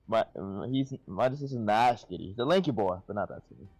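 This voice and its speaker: A man's voice: on the low side, lively intonation, fairly quick, a little mellow, slightly rough. A man playing a tabletop game, joking, laughing and talking in slang. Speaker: player. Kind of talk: casual tabletop play.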